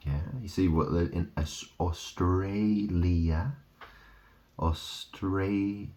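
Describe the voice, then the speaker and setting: Brief: low, dark-toned man, slow rambling talk, dull lo-fi recording. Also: fairly even intonation. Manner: rambling, wandering wordplay, trailing off. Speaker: vlogger. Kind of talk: rambling monologue.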